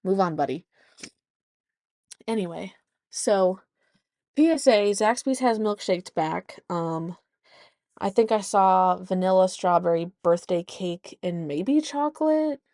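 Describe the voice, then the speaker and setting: A woman's voice: medium pitch, expressive, slow pace, darkish tone, no echo. Woman, young adult, podcast host, casual storytelling, chatty, mid-range voice, dry close sound. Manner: chatty, acts out the voices in her anecdotes. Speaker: mother.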